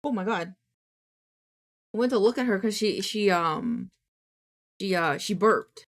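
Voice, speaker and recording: Lively, unhurried woman streamer. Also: medium pitch. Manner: chatty and swears freely, cooing at her cat. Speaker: VTuber streamer. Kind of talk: casual live-stream chat.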